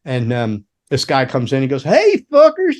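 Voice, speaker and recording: A man's voice: medium pitch, normal speed. Profane rambling middle-aged male storyteller. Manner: rambling, profane, animated storyteller who acts out quotes. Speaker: podcast guest, former roadie. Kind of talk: casual storytelling chat.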